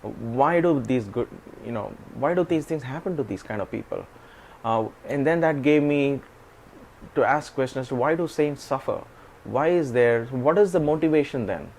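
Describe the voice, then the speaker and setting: A middle-aged man recounting a personal story as an interview guest, animated and laughing often as he acts out quotes. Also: medium pitch, normal speed, a little hiss or hum, poor audio.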